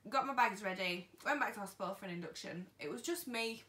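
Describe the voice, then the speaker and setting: A woman's voice: mid-range voice, quick pace, fairly bright tone, far from the mic. A young woman telling a personal story to camera in a chatty way, acting out what others said. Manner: chatty, acts out what people said. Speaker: vlogger. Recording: echoey room, voice a bit off-mic.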